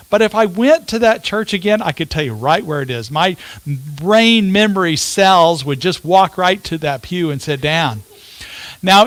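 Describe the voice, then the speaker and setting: A male minister preaching a sermon in an unhurried storytelling way, with rhetorical questions to his listeners. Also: high voice, fairly bright tone, no echo.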